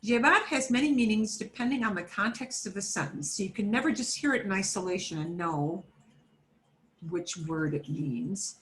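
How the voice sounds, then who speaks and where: A woman's voice: mid-range voice, expressive, normal speed, fairly bright tone. A woman teaching a beginner Spanish class over a video call, chatty and repetitive, with fillers and self-corrections, switching between English and Spanish. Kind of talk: online class instruction.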